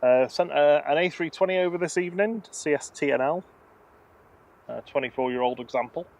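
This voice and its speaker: A man's voice: fairly high pitch, fairly quick, darkish tone. A man hosting a live stream, chatting and reading out flight numbers and viewer comments. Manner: reads out flight numbers and registrations matter-of-factly; chats and reads viewer comments aloud. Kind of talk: casual live plane-spotting commentary.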